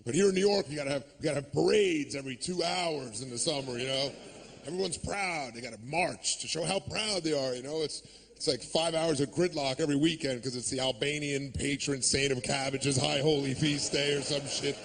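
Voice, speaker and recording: A man doing a stand-up routine on a club stage, ranting sarcastically and acting out shouted street voices on a handheld mic. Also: a little high, brisk, gravelly, a little hiss or hum. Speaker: stand-up comedian.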